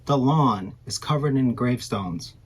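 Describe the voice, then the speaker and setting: A man's voice: medium pitch, expressive, unhurried, breathy edge. A man in his thirties co-hosting a casual podcast, rambling and self-deprecating, often trailing off mid-sentence. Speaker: podcast co-host. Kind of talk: casual chat.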